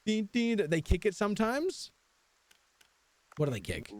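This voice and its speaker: Young aussie dude streaming a game, rambling and joking, hums along, pitch jumps all over. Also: male voice, huge pitch swings, measured pace, pauses often. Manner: rambling, jokey, hums and sings along to music. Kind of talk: casual gaming livestream chat.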